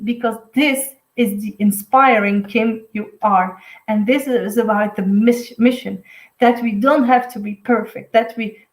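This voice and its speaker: A woman's voice: on the high side, roomy sound, rough recording. A woman giving a live intuitive card reading, rambling and heartfelt, full of fillers. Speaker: intuitive medium. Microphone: webcam or phone on a live stream.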